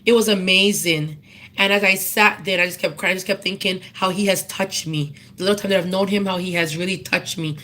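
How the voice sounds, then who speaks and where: A woman's voice: fairly low pitch, steady tone, brisk, bright, forceful tone, rough recording. A woman giving a personal tribute at a memorial service, telling stories in a chatty way and then making earnest appeals to the audience. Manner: conversational storytelling, earnest appeals.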